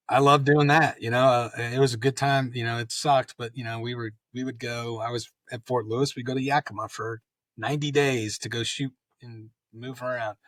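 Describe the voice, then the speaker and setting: A man's voice: mid-range voice, a bit bright, dry recording, studio quality. A man in his fifties, a retired army colonel, telling rambling anecdotes full of fillers in a casual interview. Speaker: guest, retired Special Forces colonel.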